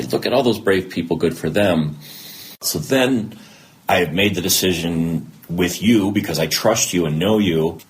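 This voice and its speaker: Deep-voiced man telling his story candidly. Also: slight background noise. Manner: animated storyteller who acts out remembered dialogue. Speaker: podcast guest. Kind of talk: candid personal interview.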